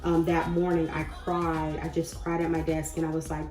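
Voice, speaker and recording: Mellow-voiced woman just talking to her viewers, loose and goofy, echoey room with faint music behind. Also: deep voice, completely flat delivery, brisk. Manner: chatty, loose and goofy, with sudden loud bursts. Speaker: spiritual vlogger. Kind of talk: casual encouraging talk to camera.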